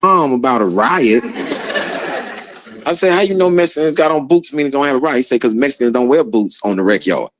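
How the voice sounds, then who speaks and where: In a noisy setting, a man with a mid-range voice talks fairly quickly as he recounts his days in prison. His telling is casual, full of slang and lively energy, and he mimics the voices of others while laughing along.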